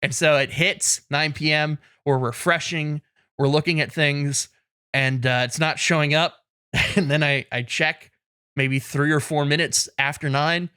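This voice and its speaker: A man co-hosting a podcast, telling a self-deprecating story in a lively way and laughing often. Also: on the high side, unhurried, clean tone, dry recording, studio quality. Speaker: podcast co-host. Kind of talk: casual podcast chat. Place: in Canada.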